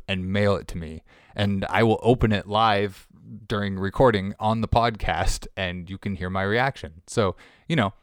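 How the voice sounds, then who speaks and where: A podcast host delivers a casual monologue, rambling, jokey and often interrupting himself to restart sentences. His voice is on the low side, smooth and resonant. The studio recording is dry and close.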